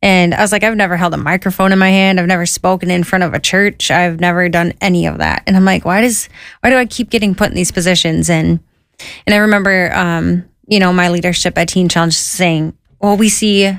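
A woman with a somewhat low voice tells her own story in a relaxed, conversational way. She slips into lively quoted voices for the people in her tale. The sound is close and dry. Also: a little fast, clear, resonant tone, no echo. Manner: lively, quotes herself and others in an animated voice. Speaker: guest sharing her testimony.

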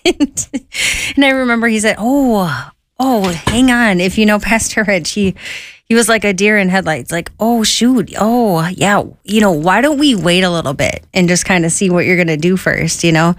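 A woman's voice: mid-range voice, normal speed. A woman guest telling her personal testimony casually, acting out dialogue with quoted voices and using lots of "I was like" and "you know.".

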